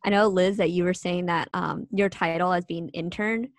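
A woman's voice: fairly low pitch, fairly even intonation, moderate pace, a crowd in the background. A young woman co-hosting a podcast, easygoing, steering the conversation. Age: young adult. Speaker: podcast co-host. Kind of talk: casual podcast chat.

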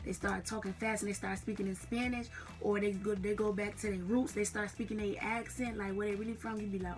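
A woman's voice: mid-range voice, fairly even intonation, fairly quick, far from the mic. A young woman with a Southern US accent, chatting casually to camera in a slangy, emphatic way. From Southern United States. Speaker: vlogger.

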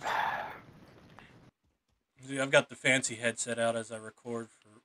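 A man with a bright, ringing voice talks through a multiplayer match as he records. He gets excited fast, swears when things go wrong and laughs easily. He speaks into a microphone on a stand. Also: mid-range voice, slight background noise. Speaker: gamer recording content. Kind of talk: casual gaming chat.

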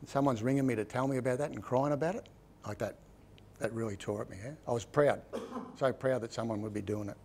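Telling stories at his book presentation, a middle-aged Australian author speaks loosely and conversationally, with frequent restarts and a repeated "right?". His pitch is an ordinary mid-range, a little mellow, and his pace is quick.

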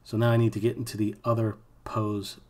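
A man's voice: on the low side, completely flat delivery, a little fast, a little mellow. A man teaching animation in a screen-recorded tutorial, thinking aloud as he works, with casual asides to his students. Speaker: animation instructor.

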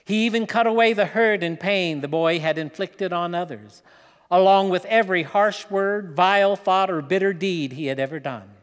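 A man preaching, telling a story in a slow, dramatic way with pauses. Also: high-pitched, a bit bright, clean tone. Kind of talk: sermon storytelling. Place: church hall. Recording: long hall reverb.

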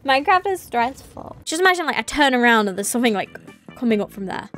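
British girl gaming, high voice bouncing all over, chatty and giggly, music underneath. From Britain. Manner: excitable, chatty, quick to laugh and squeal. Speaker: streamer. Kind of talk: gaming commentary.

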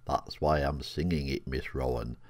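A man voicing a gentle, kindly male rocking horse who speaks in a steady, reassuring way. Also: extremely low pitch, normal speed, no echo.

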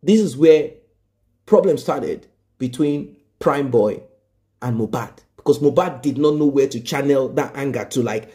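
A man's voice: medium pitch, a little slow, mellow. A man giving emphatic news commentary, stressing points by repeating them and asking rhetorical questions.

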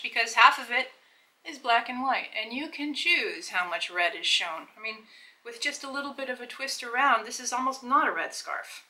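A woman with a very bright, fairly high voice hosts a casual try-on video. She talks to the viewer in a chatty, enthusiastic way, explaining as she goes. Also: poor audio. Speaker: fashion vlogger. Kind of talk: casual try-on vlog to camera.

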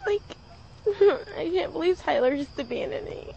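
A woman's voice: very high voice, lively intonation, normal speed, vocal fry, dark tone, lo-fi sound. A woman venting in a dramatic, swearing vlog rant, laughing between complaints. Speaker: vlogger.

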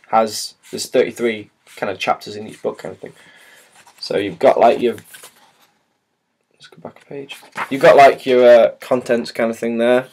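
A man rambles through a casual book unboxing, stumbling over his words and filling pauses with ums and uhs. His pitch sits at an ordinary middle level for a man. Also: a little mellow. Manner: rambling, hesitant, many fillers and restarts. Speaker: vlogger.

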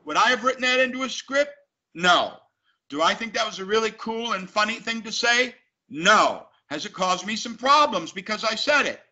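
A man's voice: sits high, animated, moderate pace, pushed and bright. A man, an actor, talking emphatically and animatedly as an interview guest. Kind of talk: casual interview talk. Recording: dull lo-fi sound.

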